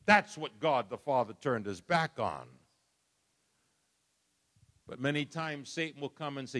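A middle-aged man preaching a sermon, swinging from soft, low lines to loud, impassioned ones. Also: animated, a little slow, pauses often. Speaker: pastor.

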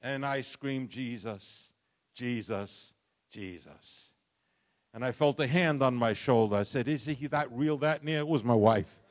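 A middle-aged man preaching a sermon, swinging from soft, low lines to loud, impassioned ones. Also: moderate pace, hardly any pauses. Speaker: pastor.

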